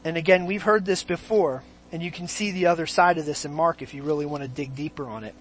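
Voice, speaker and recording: A preacher giving a verse-by-verse Bible teaching, emphatic, slowing on key words and asking many rhetorical questions. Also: medium pitch, slight background noise.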